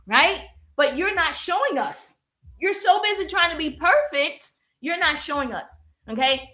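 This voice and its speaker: A bright, high-pitched woman coach talks energetically in an echoey room at home, likely on her phone. She is emphatic and keeps checking in with "okay?" and "right?". She is warm and perspiring from exercise. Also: expressive, unhurried. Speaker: business coach. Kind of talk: live-streamed coaching talk.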